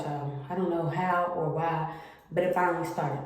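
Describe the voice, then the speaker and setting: A young woman casually telling a storytime about her car, chatty and animated, acting out the people in her story. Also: on the low side, normal speed. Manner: chatty, animated retelling with quoted voices. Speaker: vlogger. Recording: very echoey room with faint noise.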